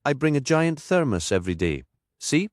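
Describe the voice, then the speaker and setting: A man's voice: mid-range voice, sing-song, normal speed, no echo, clean studio sound, pitched above the performer's own voice, lightly acted. A man voicing a talkative, friendly middle-aged woman vicar in an audiobook. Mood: chatty.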